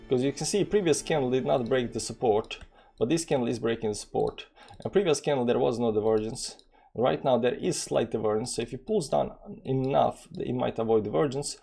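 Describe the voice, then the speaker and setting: Faint music sits behind this mid-range, mellow male voice, which is creaky, slightly rough, and fairly quick. He's from the former Yugoslavia and speaks with a Balkan accent, rambling through live crypto trading commentary in a casual way, packed with fillers and read-out figures.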